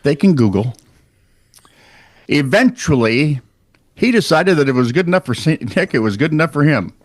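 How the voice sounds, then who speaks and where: A man co-hosting a podcast, reading out odd news stories in a wry, animated storytelling way with casual asides. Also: a little high, normal speed, no echo. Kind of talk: casual comedic news chat.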